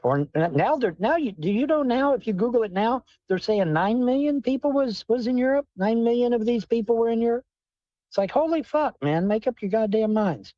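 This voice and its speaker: A man's voice: very high-pitched, animated, brisk, few pauses, dry recording. A man hosting a livestream, rambling and swearing as he answers questions from the chat while in a car. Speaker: livestream host. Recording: dull, dry lo-fi stream audio.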